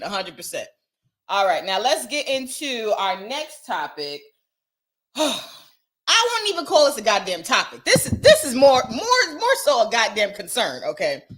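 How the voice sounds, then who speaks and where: A woman host with a slightly high voice gives casual opinion commentary. She talks bluntly and emphatically, swears freely and often laughs. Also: fairly bright tone.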